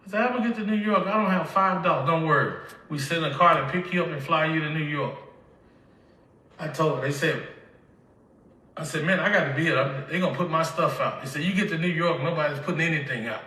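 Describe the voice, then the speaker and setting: A man's voice: on the high side, brisk, pushed and bright. A tearful older man with a Southern accent from Mississippi, telling his life story with emotion and acting out the conversations he recalls. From Mississippi, USA. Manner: emotional, tells events by acting out dialogue. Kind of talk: emotional personal testimony. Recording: echoey room, from a distance.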